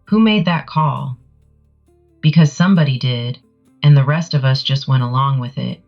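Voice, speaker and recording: A woman's voice: rumbling low, normal speed, soft background music. Sassy Southern woman, dull lo-fi sound. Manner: sassy, emphatic, blunt. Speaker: channel creator. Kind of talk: commentary monologue to camera.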